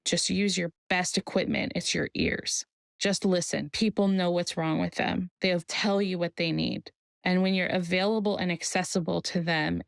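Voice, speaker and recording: A woman who works in maternity care, talking in a podcast interview and telling stories in a measured, deliberate way. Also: fairly low pitch, creaky, no echo. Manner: measured storyteller, slow deliberate phrasing. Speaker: guest, maternity care provider.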